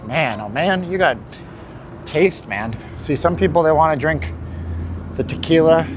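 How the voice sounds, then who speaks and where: A tired, somewhat winded man walks and talks through a casual livestream, rambling and joking with his viewers. His voice sits a bit high. It is picked up by a handheld phone with loud street noise around him. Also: animated, a little slow. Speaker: livestream host. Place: city street outdoors. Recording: phone mic on a noisy street.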